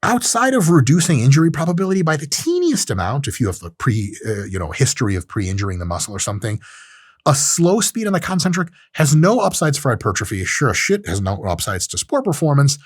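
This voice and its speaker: A man's voice: medium pitch, brisk, husky, no echo, clean studio sound. A man giving a casual, profane, joking lecture on lifting technique, often acting out little scenes. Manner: profane, joking, animated, with acted-out asides. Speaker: strength training coach.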